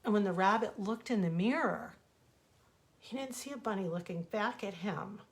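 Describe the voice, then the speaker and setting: A woman's voice: medium pitch, moderate pace. Woman reading a bedtime story. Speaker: author reading her stories.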